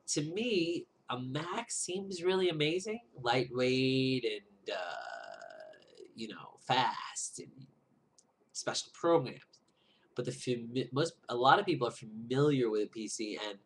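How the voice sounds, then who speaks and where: A man's voice: medium pitch, animated, measured pace, a bit bright, breathy edge. A man rambling casually to viewers in a vlog, full of fillers and restarts, chatting while he eats lunch. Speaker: vlogger.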